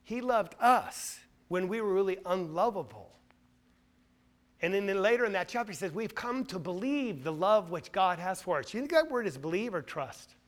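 A man preaching a sermon, emphatic and full of rhetorical questions, swinging between loud stressed lines and quiet asides. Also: sits high, animated, moderate pace.

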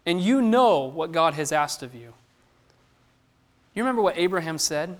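A man's voice: fairly high pitch, animated, normal speed. A man preaching a sermon, who asks the listeners questions and acts out the lines of the people he quotes.

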